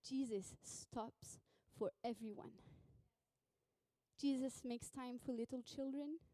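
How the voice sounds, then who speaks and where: A woman preacher tells a story in a lively way, slipping into voices and laughing along. Her voice is high and mellow. The recording is dry and close. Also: takes it slowly, no room sound. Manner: animated, acts out voices, laughs often. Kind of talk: sermon storytelling.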